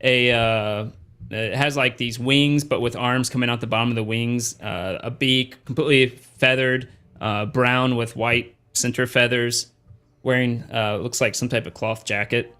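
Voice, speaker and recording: A man's voice: mid-range voice, fairly even intonation, bright, forceful tone, clear, resonant tone. Casual man narrating as game master. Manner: casual, halting narration with fillers and laughs.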